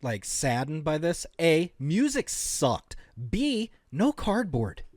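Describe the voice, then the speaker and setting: A man's voice: on the high side, sing-song, slow pace, a little mellow, no room sound, clean studio sound. A man co-hosting a comedy podcast, tossing out playful, absurd jokes in casual banter and laughing easily. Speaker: podcast co-host.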